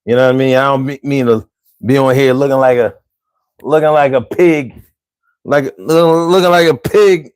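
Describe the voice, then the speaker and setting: A man hosting a casual livestream, reading chat and talking in street slang, swinging from low mutters to loud exclamations. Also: fairly even intonation, moderate pace, clear, resonant tone. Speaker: livestream host. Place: home.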